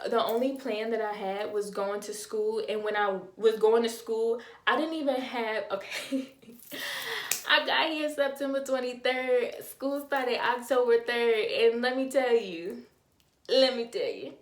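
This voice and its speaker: A woman's voice: on the high side, roomy sound. A young woman in her twenties, telling a storytime vlog dramatically, acting out quotes and making sound effects. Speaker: vlogger.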